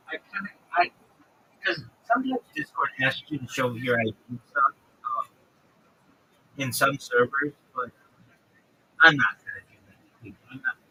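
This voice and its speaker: A man's voice: fairly high pitch, lively intonation, unhurried, pauses often, bright, forceful tone, slightly rough, poor audio. A man hosting a livestream, chatting casually and swearing as he jokes, acting out imagined conversations in different voices. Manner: profane, joking, acts out imagined dialogue. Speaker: livestream host.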